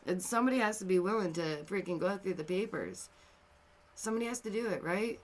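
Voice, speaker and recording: A woman's voice: medium pitch, brisk. Exasperated woman commentating. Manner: animated, exasperated, swings between loud outbursts and quiet somber asides. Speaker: commentary video host. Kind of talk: casual commentary.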